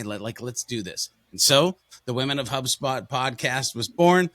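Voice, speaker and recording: A man's voice: medium pitch, normal speed, hardly any pauses, pushed and bright, no echo. An American man hosting a podcast, talking in an upbeat, enthusiastic, folksy way. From United States. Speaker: podcast host. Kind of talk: casual podcast chat.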